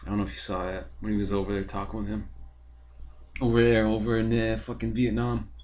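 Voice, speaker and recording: Rambling, cursing young man, low voice. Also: completely flat delivery, a little fast, a little mellow. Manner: rambling, profane, with filler words. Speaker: podcast host. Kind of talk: casual rambling monologue.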